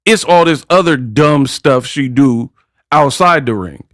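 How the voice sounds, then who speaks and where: A man's voice: medium pitch, expressive, unhurried, a bit bright, no echo, clean studio sound. A man hosting a casual boxing commentary vlog, talking in brash, slangy trash talk. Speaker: boxing commentary channel host.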